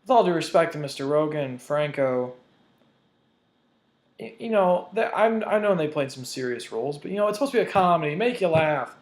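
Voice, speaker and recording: A man's voice: a little high, expressive, fairly quick. A man ranting in a vlog, heated and profane, hammering his points with emphasis. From United States. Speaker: vlogger. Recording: roomy echo.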